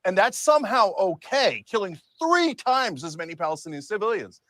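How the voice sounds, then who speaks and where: A man in a televised debate makes heated, emphatic points and asks rhetorical questions. His voice is high and swings widely in pitch. The sound is dry and close, with almost no room echo. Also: sing-song, normal speed, a bit bright. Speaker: debate guest in a TV interview clip. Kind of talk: impassioned political argument.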